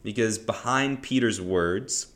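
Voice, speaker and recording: A man's voice: on the low side, slow pace. A man hosting a podcast, explaining a Bible story in a casual teaching style, with frequent "right?" and "um" fillers. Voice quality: relaxed, conversational, lots of "right?" and "um".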